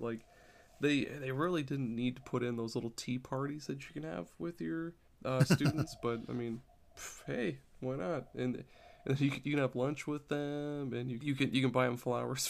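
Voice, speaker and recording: A man's voice: medium pitch, steady tone, moderate pace, gravelly. A man chatting casually on a podcast, rambling and repeating words as he explains. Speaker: podcast co-host.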